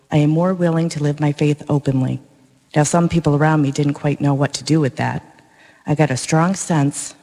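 A woman's voice: low-pitched, mellow. A woman from a parish evangelization commission giving her personal faith testimony to a congregation in an earnest, plain-spoken, heartfelt way. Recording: long reverb of a large church.

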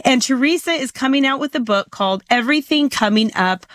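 A woman's voice: sits high, expressive, a little fast, a bit bright, dry recording. A woman hosting a talk show, enthusiastic and encouraging as she introduces her guest. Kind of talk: interview talk.

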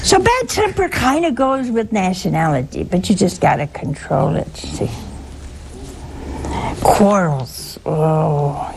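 Slow, gravelly older woman preaching. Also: mid-range voice, slight background noise, rough recording. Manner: chatty, storytelling, lively asides. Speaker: religious speaker. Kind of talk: spoken religious talk to a broadcast audience.

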